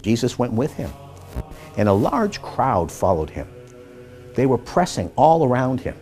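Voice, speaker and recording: Expressive man reading scripture. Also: mid-range voice, unhurried, faint music behind. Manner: expressive, rising and falling for the quoted voices. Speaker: scripture reader.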